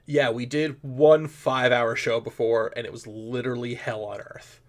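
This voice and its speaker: A man's voice: medium pitch, level tone, normal speed. A man, a comedian and improviser, talking as a podcast guest and rambling through his points with lots of fillers and restarts. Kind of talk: casual podcast interview.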